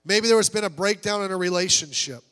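A man preaching a sermon as pastor, swinging from soft low asides to raised, pleading urgency. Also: fast, clear, resonant tone. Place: church sanctuary. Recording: church hall reverb.

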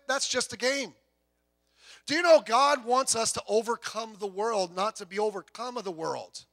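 With a very high-pitched voice at normal speed, a middle-aged man preaches a sermon as pastor. His storytelling shifts dramatically from quiet asides to shouting, and he regularly stammers and repeats words.

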